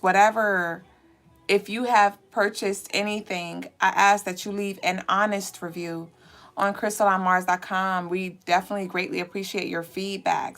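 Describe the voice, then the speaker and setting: Chatty, laughing woman livestream host. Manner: chatty and animated, with frequent laughter; swears casually, with high squealing bursts. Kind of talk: casual livestream chat, reading viewer comments.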